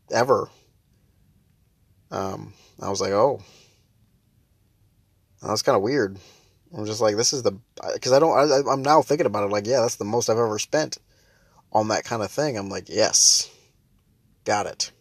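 Husky young man ranting sarcastically. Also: fairly low pitch, no echo. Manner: ranting, sarcastic, laughs often. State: has a headache, holds back laughter. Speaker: podcast and stream host. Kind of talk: casual solo monologue.

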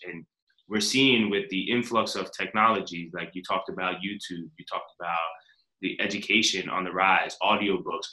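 Bright-voiced male podcast host, roomy sound. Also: deep voice. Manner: earnest, curious questioning. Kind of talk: casual interview chat.

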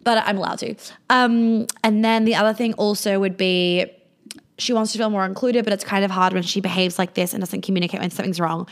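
A woman's voice: mid-range voice, steady tone, a little fast. Blunt, casual woman giving live advice. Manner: blunt, casual and swears freely, with many fillers; acts out quoted replies in a lighter voice. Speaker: host answering viewer questions on a livestream.

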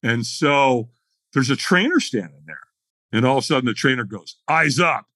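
Animated husky man telling a story. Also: medium pitch, moderate pace, dry recording. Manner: dramatic, acts out the scene in voices. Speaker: guest.

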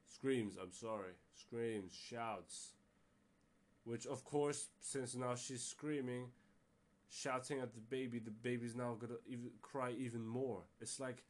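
A man's voice: mid-range voice, a little slow. A man hosting a casual solo podcast, rambling with many fillers and restarts and sounding exasperated. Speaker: podcast host.

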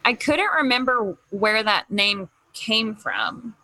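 A woman's voice: a little high, slow, dry recording, low-quality recording. A woman guesting on a podcast, chatting expressively and sympathetically about a TV episode. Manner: expressive, sympathetic, laughs easily. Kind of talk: casual TV recap chat.

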